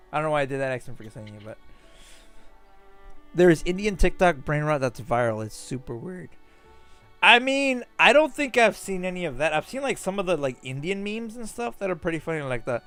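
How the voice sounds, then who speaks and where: A man's voice: a little high, sing-song, a little fast, fairly bright tone. A young man casually streaming a game, chatting and reading story lines aloud in a playful manner. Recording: faint music under the voice.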